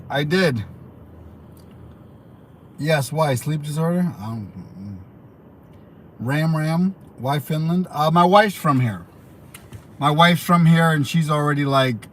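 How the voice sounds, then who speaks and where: A man's voice: medium pitch, slight background noise. A young American man chatting casually on a livestream, answering viewer questions in a rambling way full of fillers and restarts. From United States. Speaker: livestream host.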